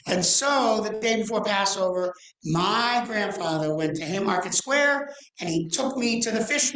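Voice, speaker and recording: A man in his sixties, a guest rabbi giving a storytelling sermon, animated and slowing into drawn-out dramatic pauses. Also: high-pitched. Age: 60s. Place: church sanctuary. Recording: roomy church echo.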